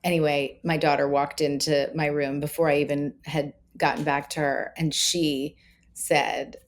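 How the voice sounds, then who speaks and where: Low-voiced woman telling candid stories. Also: flat delivery, normal speed. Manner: candid, self-deprecating storyteller. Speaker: guest parenting expert. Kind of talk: casual podcast conversation.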